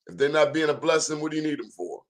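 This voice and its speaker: A man's voice: a little high, expressive, quick pace. A man hosting his own talk show, giving an emphatic, preachy monologue in a folksy, plain-spoken way. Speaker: show host.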